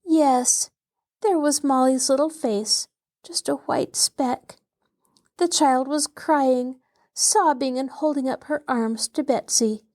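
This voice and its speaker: Expressive woman reading a children's story. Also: high voice, takes it slowly. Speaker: host and storyteller. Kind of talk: reading a children's novel aloud.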